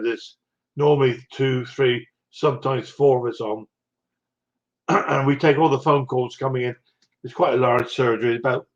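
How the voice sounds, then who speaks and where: A man with a West Country English accent talking on a live stream at a middling pitch. He rambles in a chatty way and chuckles as he answers viewers. The stream audio sounds dull and lo-fi. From South West England. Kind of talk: casual live-stream chat.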